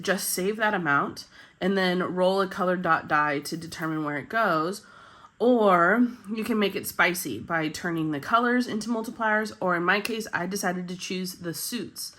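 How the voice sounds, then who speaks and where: Chatty woman with a husky morning voice. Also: fairly low pitch, sharp tone. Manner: upbeat, chatty. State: husky morning voice, coming down with a cold. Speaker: budgeting channel host. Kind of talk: casual chat.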